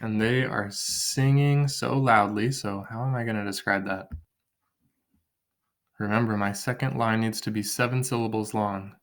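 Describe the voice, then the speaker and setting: A man's voice: fairly low pitch, steady tone, normal speed. A man teaching an online writing lesson from his kitchen table, thinking aloud and counting syllables as he drafts.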